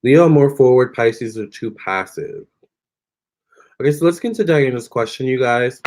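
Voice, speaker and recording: A man's voice: mid-range voice, lively intonation, normal speed, a little mellow, a little hiss or hum. Chatty young man doing a live tarot stream. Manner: rambling, chatty, many fillers and restarts. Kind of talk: casual live-stream chat reading comments.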